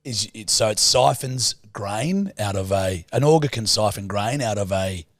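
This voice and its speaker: A man, co-hosting a podcast in casual, teasing banter, swearing freely and laughing loudly. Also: lowish voice, animated, normal speed, no echo, studio quality. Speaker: podcast co-host.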